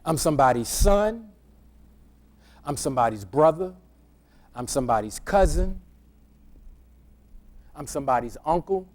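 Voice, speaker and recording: A man's voice: a little high, animated, a little slow, pauses often, a little mellow. A middle-aged male pastor preaching by telling a humorous personal story in a conversational way, often stammering and restarting his words.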